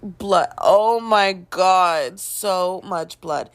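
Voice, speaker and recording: A woman's voice: drawn-out words, clear, resonant tone. A woman vlogger telling a casual story, acting out the quoted dialogue and playing up her own panic in a dramatic, self-mocking way. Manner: animated storytelling, acting out quoted dialogue with big pitch jumps.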